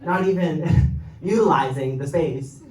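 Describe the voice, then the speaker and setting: A man's voice: fairly high pitch, unhurried, a crowd in the background. Young male comic, roomy live stage. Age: young adult. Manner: rambling, with fillers and chuckling at his own jokes. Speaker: stand-up comedian. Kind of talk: stand-up set. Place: comedy club stage. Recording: roomy live-show sound, mic off at a distance. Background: audience laughing.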